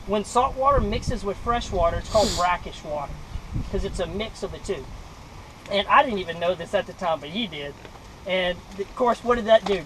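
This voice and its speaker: Animated man telling a story. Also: high-pitched, slight background noise, low-quality recording. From Mississippi. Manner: animated storyteller acting out voices, laughing often. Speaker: devotional speaker. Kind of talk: storytelling devotional talk.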